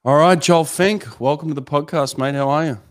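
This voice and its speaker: A man, hosting a podcast and chatting relaxed and friendly with a longtime mate. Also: fairly high pitch, moderate pace, dry recording, studio quality. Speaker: podcast host. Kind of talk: casual interview chat. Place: home room in Delaware.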